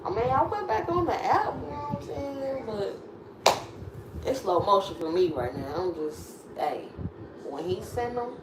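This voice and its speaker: A woman with a Chicago accent co-hosting a live chat, talking in a relaxed way and often giving short replies. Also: fairly high pitch, measured pace. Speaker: live show co-host. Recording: echoey room with loud background noise.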